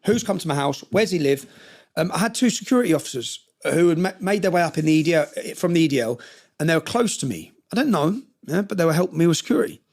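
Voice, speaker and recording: A man's voice: on the high side, expressive, fast talker, a little mellow. A man telling a story intensely in an interview, often checking in with "yeah?" and acting out what others said. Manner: recounting with quoted dialogue. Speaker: interview guest.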